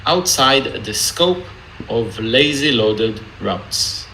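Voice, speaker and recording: A man's voice: mid-range voice, expressive, extremely slow, bright, forceful tone, a little hiss or hum, poor audio. A man with an Israeli accent, hosting an online Q&A in a joking, hesitant way and reading out audience questions. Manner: jokey, hesitant, reads out questions. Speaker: meetup Q&A moderator. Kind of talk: casual online Q&A. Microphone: video call.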